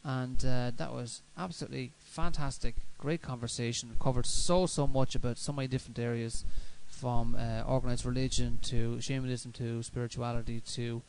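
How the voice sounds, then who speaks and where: A man hosting a radio show, talking in a relaxed, rambling way with many fillers. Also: medium pitch, normal speed, vocal fry, few pauses, a little hiss or hum, rough recording. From Ireland. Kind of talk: casual chat.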